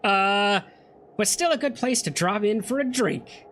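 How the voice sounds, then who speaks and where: Lively chatty gameplay commentator. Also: mid-range voice, measured pace, slight background noise. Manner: chatty, joking, reads game text aloud. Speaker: let's play host.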